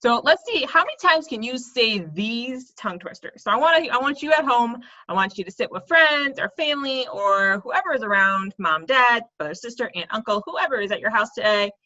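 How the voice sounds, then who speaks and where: A woman's voice: on the high side, expressive, a little fast, few pauses, pushed and bright, highs cut off. A woman teaching a lesson for children, speaking playfully and laughing at herself when she stumbles over tongue twisters. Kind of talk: video lesson for kids.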